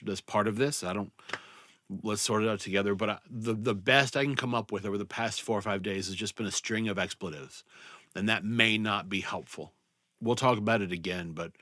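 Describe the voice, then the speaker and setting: Earnest, tearful man talking faith, low voice. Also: dry recording, clean studio sound. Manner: earnest, halting, restarts and trails off softly. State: tearful, choked up. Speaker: vlogger and speaker. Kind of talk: reflective personal talk to camera.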